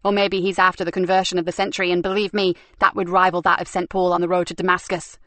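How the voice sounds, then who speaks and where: A tough, sardonic woman detective with a defiant, biting edge, as the reader puts her on. The voice is a little low and recorded close and dry, in a crime audiobook. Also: level tone, fast talker, a bit bright, no echo, close to an everyday voice.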